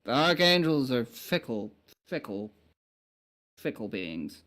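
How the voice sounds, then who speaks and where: Guy doing a tired undead knight, swears a lot, slow talker, voice jumps around a lot. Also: a little high, expressive, a bit bright. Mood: rueful. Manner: swearing freely, rambling. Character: weary crude male undead knight, brought back. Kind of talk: tabletop role-play in character.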